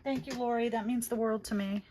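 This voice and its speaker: A woman's voice: a little high, steady tone, brisk, dark tone, slight background noise. A middle-aged woman hosting a crafting livestream, chatting casually and fondly, calling viewers honey and rambling with many fillers.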